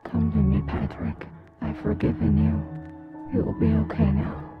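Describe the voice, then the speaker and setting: A woman voicing a frightened, ghostly young woman in a horror audio drama, speaking in a soft, haunting, creaky whisper. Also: medium pitch, flat delivery, unhurried, phone-quality sound, over music, natural voice. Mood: eerie.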